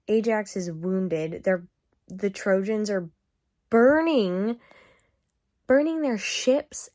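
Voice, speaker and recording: Young woman chatting at home about her book, unhurried talk, gets riled up and laughs. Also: medium pitch. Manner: chatty, animated, exasperated rants with laughs. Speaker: book vlogger. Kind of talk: casual reading-update vlog.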